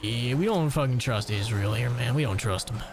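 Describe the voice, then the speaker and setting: A gaming streamer in his twenties chats casually during gameplay, rambling, swearing a lot and laughing often. His medium-pitched voice runs a little fast over a noisy background with music playing.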